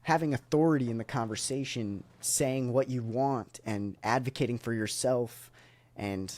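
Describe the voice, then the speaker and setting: A man's voice: medium pitch, normal speed, a little mellow. A man hosting a podcast interview, asking questions casually and searching for words as he goes. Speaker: podcast host.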